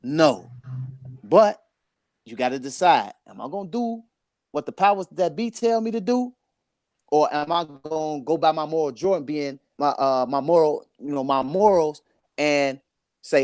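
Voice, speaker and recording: A man's voice: a little high, lively intonation, measured pace, dry recording. Earnest man in his forties, dry sound. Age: 40s. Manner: earnest, emotional, repeats phrases for emphasis. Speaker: guest sharing his life story. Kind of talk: candid conversation.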